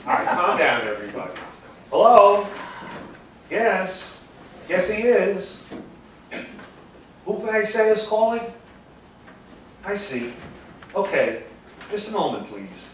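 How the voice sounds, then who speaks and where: A fussy, exasperated party host trying to calm everyone down, as a man acts him out on stage. His voice sits high and rings through a big echoey room, picked up from well back. Light room hiss sits under him. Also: slow pace, long pauses, heavily acted. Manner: exasperated, trying to keep order. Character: flustered man fielding phone calls at a dinner party. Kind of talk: live stage comedy acting. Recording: echoey stage sound from a distant mic. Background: audience laughter.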